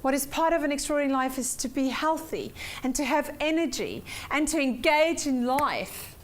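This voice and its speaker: High-voiced upbeat woman teaching a class. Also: moderate pace. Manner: upbeat, checks in with the class, repeats for emphasis. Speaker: personal development course teacher. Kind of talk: weekly workshop lesson to a class.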